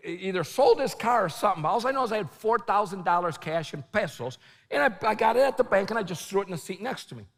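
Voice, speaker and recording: A middle-aged man preaches to a large crowd, telling a story with lots of energy and shouting at the high points. His voice sits high and swings widely in pitch. A long reverb from the big conference hall trails his words. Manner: animated, shouting at the peaks, laughing, quoting himself. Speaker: conference speaker. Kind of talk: storytelling sermon.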